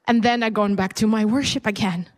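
A woman's voice: mid-range voice, fairly even intonation, a little fast, in a large hall. A woman preacher and mother giving a candid, conversational testimony in a sermon, with many fillers and restarts. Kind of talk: personal testimony within a sermon. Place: church service.

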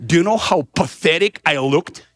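A man's voice: a little high, lively intonation, moderate pace, a bit bright. A man preaching a personal testimony sermon, telling his story animatedly, acting out dialogue and laughing often.

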